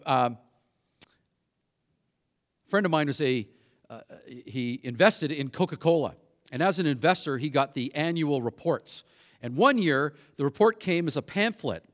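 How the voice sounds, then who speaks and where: Middle-aged man, guest preacher, fairly high voice, relaxed storytelling sermon with fillers and restarts. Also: fairly quick. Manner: conversational, loose storytelling with many restarts and fillers.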